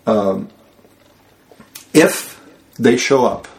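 A man in a casual interview, telling a rambling, animated story and acting out the people he quotes. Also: mid-range voice, drawn-out words, gravelly. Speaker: guest.

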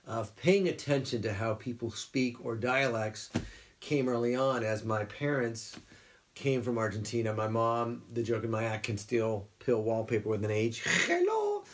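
A middle-aged man, a voice actor, telling career stories in a relaxed interview and slipping into quick character voices. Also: medium pitch. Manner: animated storyteller who slips into quick character voices. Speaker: guest voice actor. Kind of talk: casual interview storytelling.

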